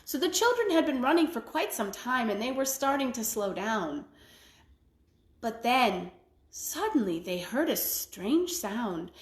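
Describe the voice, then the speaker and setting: A woman storyteller telling a traditional tale in an expressive, folksy way. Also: on the high side, a little slow, reverberant. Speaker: library storyteller. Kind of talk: oral storytelling.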